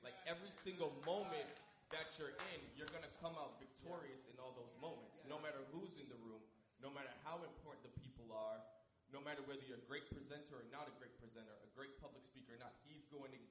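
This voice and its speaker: A man speaking as a guest, telling a faith testimony in an animated way and acting out both sides of the conversations. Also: medium pitch, fast talker, a little hiss or hum. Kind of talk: testimony storytelling. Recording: echoey room with a crowd.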